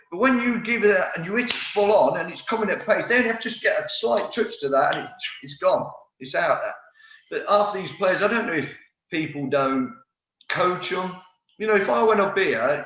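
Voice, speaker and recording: A man's voice: high-pitched, moderate pace. A man in his fifties, a former footballer, telling rambling stories with restarts in a casual interview. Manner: lively storyteller, rambling with restarts. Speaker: former footballer, podcast guest. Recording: roomy, slightly dull recording.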